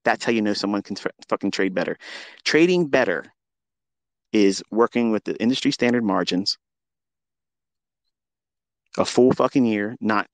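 A man's voice: lowish voice, lively intonation, moderate pace, long pauses, no room sound. A man hosting a live audio room, ranting in a combative, taunting way with heavy swearing. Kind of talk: profane ranting monologue. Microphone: remote audio call.

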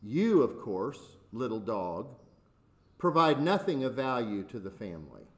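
A man's voice: medium pitch, very animated, a little slow, a bit bright, voice pushed down. A man reading as a haughty dairy cow. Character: self-important female dairy cow.

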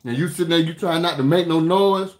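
Folksy guy with aave talking cooking, chatty storytelling, kinda high voice. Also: darkish tone. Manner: folksy, chatty, drawn-out storytelling with lots of "man" and "y'all". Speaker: cooking channel host. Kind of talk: casual cooking talk to viewers.

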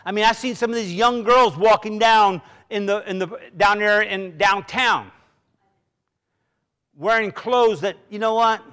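Man, high voice, middle-aged pastor, conversational sermon, church. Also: a little slow, a bit bright, clear, resonant tone. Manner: conversational preaching with personal anecdotes and restarts. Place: church sanctuary.

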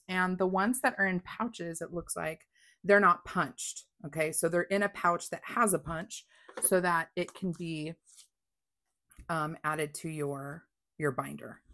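A woman chatting through a craft unboxing, gushing with excitement and dropping to whispers. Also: on the low side. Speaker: crafting vlogger. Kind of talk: casual unboxing chat.

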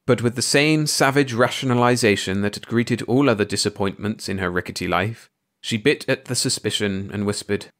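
Measured male audiobook narrator. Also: lowish voice, a bit bright.

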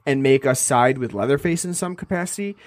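A man's voice: medium pitch, fairly quick, no echo. Rambling man on a dry mic. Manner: rambling, frequent restarts and fillers. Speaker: podcast co-host. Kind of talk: casual film review chat.

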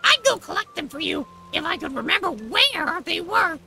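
A squeaky frightened mushroom-man. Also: normal speed, gravelly, faint music behind, full character voice, low-quality recording. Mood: fretful. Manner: fretful and excitable. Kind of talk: reading game dialogue aloud.

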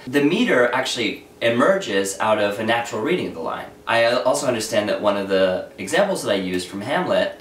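A man's voice: on the low side, fairly bright tone, recorded from a distance. A young man, explaining acting technique in an earnest, talky way as the host of a video lesson. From New York. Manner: earnest, explanatory, quick asides. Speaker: acting teacher. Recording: echoey room, voice set back from the mic, faint noise.

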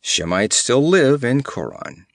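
A man voicing a gruff, battle-hardened barbarian warrior chief who speaks bluntly, in a dry storybook reading. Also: medium pitch, big pitch swings, slow pace, no room sound. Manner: blunt, rough, commanding.

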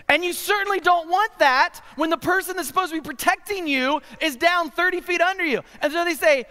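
A man with a very high, bright voice tells a funny story from a chapel pulpit, often asking "right?". His voice rings through a large, reverberant hall. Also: quick pace, hardly any pauses. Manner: comic, animated storytelling with frequent "right?" asides. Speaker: chapel speaker. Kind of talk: humorous storytelling sermon.

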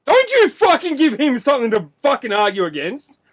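A man co-hosting a podcast, arguing loudly and swearing in exasperation. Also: extremely high pitch, huge pitch swings, a little fast. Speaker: podcast co-host. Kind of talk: heated casual argument.

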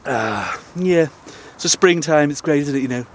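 A man's voice: a little high, animated, moderate pace, slight background noise. A man in his forties with a Northern English accent, talking a rambling, crude, jokey vlog outdoors on sand dunes by the sea, out of breath from climbing. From England. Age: 40s. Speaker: vlogger.

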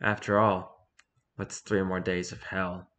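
A man reading a rules-style horror story aloud for his channel, lively, with occasional stumbles and restarts. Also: low voice, takes it slowly. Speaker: YouTuber reading horror stories.

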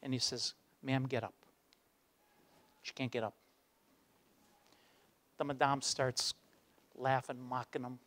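A man giving a motivational speech, telling a story and acting out its voices, dropping low for the dramatic moments. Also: level tone, slow, pauses often, a bit bright. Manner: acts out the voices in his stories, drops low for dramatic moments. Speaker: guest speaker. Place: university lecture hall.

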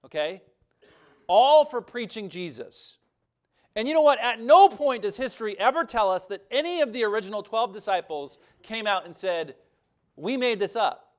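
A man preaching a sermon as pastor, earnest and emphatic, swelling louder and dropping soft. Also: high voice, animated, normal speed. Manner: earnest, emphatic preaching with rising and falling intensity.

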